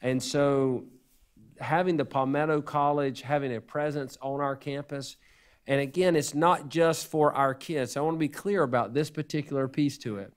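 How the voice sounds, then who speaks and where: A man's voice: a little high, steady tone, moderate pace. A man giving an unscripted report to a school board, earnest and hesitant, often restarting his sentences.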